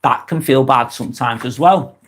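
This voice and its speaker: A self-help video host speaks to the camera in a medium-pitched voice at a normal pace, offering casual advice. He rambles, often repeats himself or restarts sentences, and chattily calls the viewer "mate."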